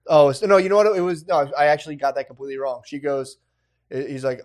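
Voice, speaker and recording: A man's voice: a little high, quick pace, a little mellow. A man in his thirties co-hosting a comedy podcast, telling stories in a profane, laughing, casual way. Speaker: podcast co-host.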